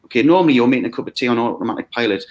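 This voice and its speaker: A man who runs a mindfulness course talks in a lively, conversational way, acting out quoted voices and checking in with "okay?". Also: mid-range voice, rapid-fire, dull audio. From United Kingdom. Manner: animated, acts out quoted voices, frequent "okay?". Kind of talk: conversational explanation. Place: video call.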